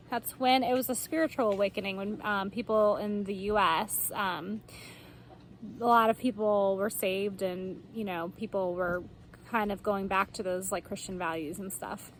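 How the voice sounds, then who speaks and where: A woman's voice: medium pitch, moderate pace, slight background noise. A woman teaching memory songs and motions in a casual, chatty way, with fillers and acted-out examples. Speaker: homeschool teacher.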